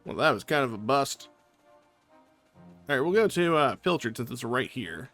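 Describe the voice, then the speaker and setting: Faint game music plays behind a man chatting through his gameplay as a let's play host, musing aloud casually. His medium-pitched voice is expressive and a touch bright, delivered at a normal speed.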